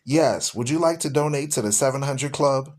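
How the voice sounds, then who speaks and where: A man's voice: medium pitch, normal speed, close to an everyday voice. A man acting out a male phone operator who keeps asking callers for donations. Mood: salesy.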